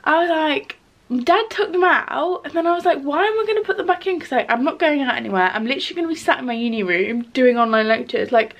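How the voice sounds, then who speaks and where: A woman's voice: high-pitched, expressive, quick pace, fairly bright tone. A young woman with a British accent, chatting casually in a rambling vlog and saying "like" a lot. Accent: British English. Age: young adult. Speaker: university student vlogger.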